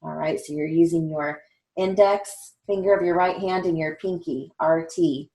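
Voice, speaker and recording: A woman's voice: sits low, steady tone, moderate pace, mellow. A woman teaching court reporting steno theory, going through drills methodically and spelling out letters and keys. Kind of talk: instructional lesson walkthrough.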